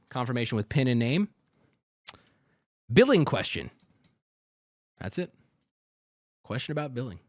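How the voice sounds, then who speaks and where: Animated, profane male streamer ranting. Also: mid-range voice, no room sound, clean studio sound. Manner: angry, profane, animated retelling with quoted dialogue. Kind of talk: ranting story to a stream audience.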